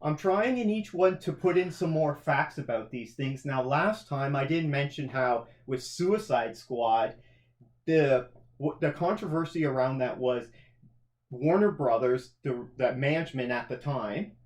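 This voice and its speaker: Man, podcast host, mid-pitched, conciliatory questions, echoey room. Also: expressive, measured pace. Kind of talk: casual movie review chat.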